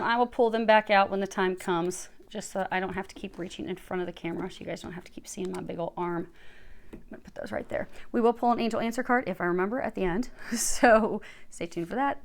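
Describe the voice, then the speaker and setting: A woman giving a chatty tarot reading, sounding congested from a cold and talking to viewers as she lays out cards. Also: mid-range voice. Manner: chatty, reassuring, talks while laying out cards. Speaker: tarot card reader. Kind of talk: casual spoken tarot reading.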